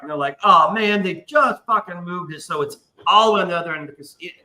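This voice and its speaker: Male host, bright and forceful, swears freely, roomy echo. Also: high-pitched, fast. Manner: profane, animated storyteller acting out quotes. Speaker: podcast host. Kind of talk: casual storytelling chat. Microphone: live stream.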